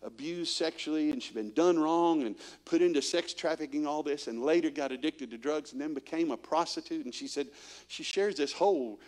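A guest preacher with a fairly high, fairly quick voice addresses a church congregation. He is an animated storyteller who keeps firing repeated questions at his listeners.

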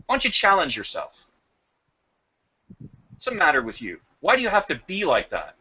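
A man's voice: a little high, huge pitch swings, moderate pace, bright, forceful tone, slightly rough. A man ranting at someone in an online voice chat, confrontational and profane, firing off rhetorical questions. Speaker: voice chat room participant. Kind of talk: heated rant in online voice chat. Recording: dull lo-fi voice chat audio.

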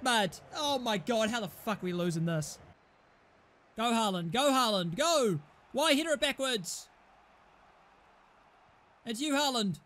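A young man commentating his football video game match, excitable and often shouting and swearing at his teammates. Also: very high voice, moderate pace. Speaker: gaming YouTuber. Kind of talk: live gameplay commentary.

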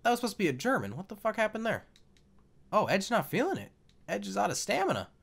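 A man's voice: high-pitched, huge pitch swings, fast, gravelly, a bit bright, slightly rough. A man giving casual, jokey gameplay commentary while playing a wrestling video game, swearing and rambling.

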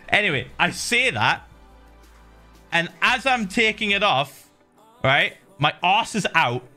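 A man streaming, telling a story in an animated way, swearing and laughing freely. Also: sits high, slow pace, pauses often, soft background music. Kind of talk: animated storytelling to a live chat.

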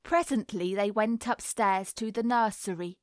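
A woman reading a novel aloud in a measured, even storytelling manner. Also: medium pitch, no room sound, clean studio sound. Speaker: audiobook reader. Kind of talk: scripted narration.

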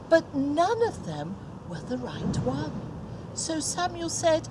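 A woman presenting a preschool Bible story, speaking gently and playfully to a young child. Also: sits high, slow, echoey room, noisy background. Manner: gentle, animated, talking to a toddler.

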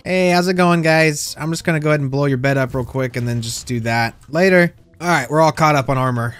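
A man doing casual gameplay commentary, teasing other players and yelping when surprised. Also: mid-range voice. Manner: playful trash talk to other players, sudden excited yelps. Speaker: gaming YouTuber.

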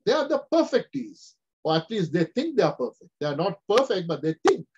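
A man's voice: sits high, a little fast, muffled recording, a little hiss or hum. An older man from Sri Lanka giving a webinar lecture, acting out characters as he explains, over a video call. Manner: animated, acts out characters with quoted voices. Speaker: webinar speaker. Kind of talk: lively lecture.

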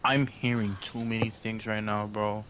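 Male gamer, let's-play commentary; jumpy, easily scared, low-ish voice. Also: level tone, normal speed, fairly bright tone, slight background noise.

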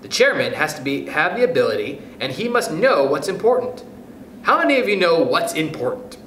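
A man puts on a tiny mouse teacher, fussy and brisk, bossing the class about in a raised voice that bounces all over. It rings in a roomy space with a faint hiss behind. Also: on the high side, very animated, a bit bright. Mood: lively. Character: tiny self-assured mouse playing schoolteacher. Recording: roomy echo, faint noise.

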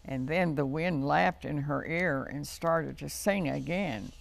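A middle-aged woman hosting a children's TV story hour, reading a picture book aloud in an expressive, lilting manner, recorded in a TV studio. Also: sits low, slow, vocal fry.

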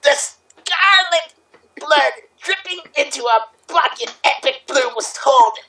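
A man putting on a shrill, nasal voice inspired by a famous comedian, reading a bad fan story aloud with drawn-out yells. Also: expressive, full character voice. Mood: shrill melodrama. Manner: drawn-out, yelling dramatic reading. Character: shrill nasal male reader, Gottfried-style squawker. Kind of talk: comedic fanfic reading in a put-on voice.

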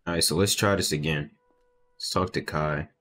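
A young man with a very low voice talks through a game in a relaxed, casual way. He reads the on-screen dialogue aloud and breaks into sudden loud outbursts. A faint hiss sits under the recording. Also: normal speed. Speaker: gameplay video host. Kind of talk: gaming commentary reading dialogue aloud.

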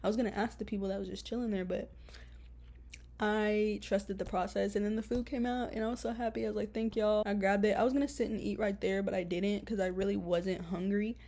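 A woman's voice: mid-range voice, flat delivery, brisk, dark tone. A young woman vlogging in a casual, rambling way, telling a story full of slang and "like". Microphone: camera mic.

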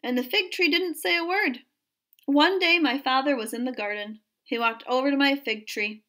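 A woman teacher reading a children's story aloud in an expressive storytelling manner. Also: high-pitched, moderate pace.

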